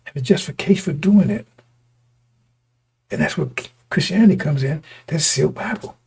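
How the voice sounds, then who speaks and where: A man preaching a sermon to his congregation, his voice going hoarse, talking in repetitive, stop-start bursts and often asking listeners whether they understand. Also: on the high side, normal speed, darkish tone. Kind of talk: street-style sermon to a congregation.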